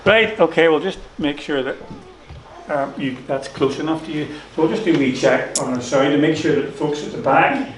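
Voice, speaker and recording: Northern Irish interviewer in an echoey hall. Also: male voice, fairly high pitch, normal speed, slight background noise. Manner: friendly, hesitant prompting with fillers. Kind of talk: conversational interview. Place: gospel hall. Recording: echoey hall, mic at a distance.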